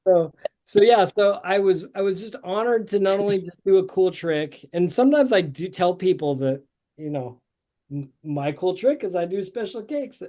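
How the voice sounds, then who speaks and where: A man's voice: high-pitched, animated, normal speed, warm tone. Upbeat rambling man on a call. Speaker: podcast guest, show artist. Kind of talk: casual interview chat.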